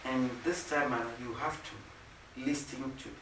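Guy musing slowly, off mic, echoey room, loud noise. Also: medium pitch, fairly even intonation, distant mic. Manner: reflective, halting, repeats key phrases. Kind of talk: casual chat.

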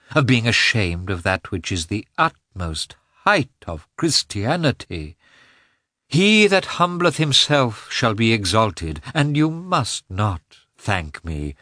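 A man voicing a devout, ecstatic countess who speaks softly and fervently. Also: deep voice, sing-song, measured pace, no echo, clean studio sound, exaggerated voice. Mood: fervent consoling. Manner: soft, fervent, sighing. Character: pious ecstatic countess, middle-aged, consoling and devout. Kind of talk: audiobook character voice.

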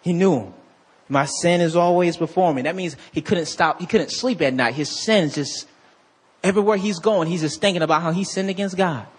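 Male pastor, preaching style, husky and high-pitched, animated delivery with slow scripture reading and call-and-response with the crowd. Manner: calls out to the congregation for responses. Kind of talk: sermon.

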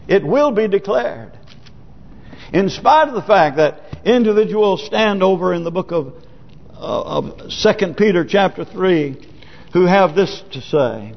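A man preaching a sermon with passion, rising to loud cries and dropping to low murmurs. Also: creaky, in a large hall, highs cut off. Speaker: pastor.

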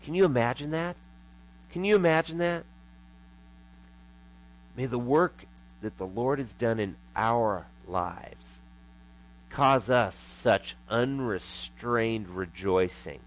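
A man's voice: medium pitch, slow pace, long pauses, low-quality recording. Emphatic male pastor preaching. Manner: emphatic, repeats lines for effect. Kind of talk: sermon.

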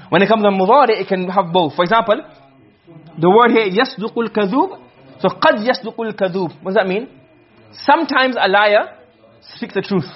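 A man's voice: high voice, breathy edge, muffled recording. A man teaching a class on Arabic grammar, quizzing his students with frequent questions.

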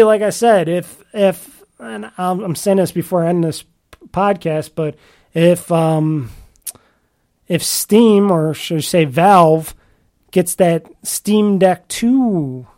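With a dark, mid-range voice, this solo podcast host talks loosely about games. His sentences often restart as he rambles, and his manner is offhand with a mild grumble.

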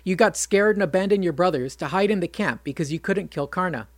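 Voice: mid-range voice, fairly quick, no echo, natural voice. A narrator voicing a bitter, self-pitying king who whines and rants at his brother. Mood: ranting. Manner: whining, ranting.

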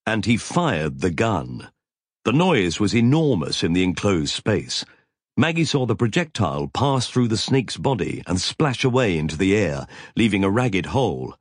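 A man's voice: on the low side, big pitch swings, normal speed, dry recording, studio quality. A man narrating a science fiction audiobook in a vivid, tense storytelling manner.

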